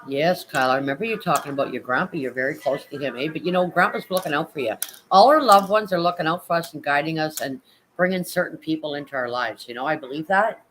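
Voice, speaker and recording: A woman's voice: low voice, fast talker, fairly bright tone, slight background noise, poor audio. A middle-aged woman hosting a casual livestream, chatting and reading viewers' comments aloud in a reassuring way, often repeating herself and adding "right?" or "isn't it?". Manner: chatty, reassuring, repeats phrases and adds tag questions. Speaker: livestream host.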